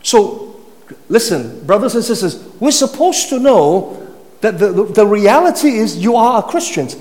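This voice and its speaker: A man's voice: high-pitched, big pitch swings, measured pace, darkish tone. A man preaching a sermon in a teaching manner, putting questions to his listeners and repeating words as he builds his points. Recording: long hall reverb.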